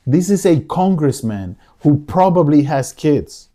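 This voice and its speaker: A man's voice: a little high, animated, a little slow, warm tone. A man hosting a talk show, delivering emotional solo commentary in a pleading, repetitive way, speaking from his living room. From United States. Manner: emotional, pleading, repeats himself. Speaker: podcast host.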